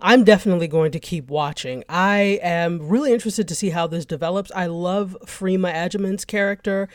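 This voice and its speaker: A woman co-hosting a TV review podcast in casual chat, playful and teasing, quick to giggle. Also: lowish voice, a little mellow, no echo, studio quality.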